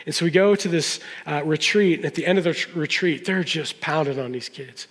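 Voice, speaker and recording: A man's voice: a little high, fairly quick, breathy edge, big-room sound. A man preaching a sermon as a pastor, conversational and emphatic, with sudden stressed phrases.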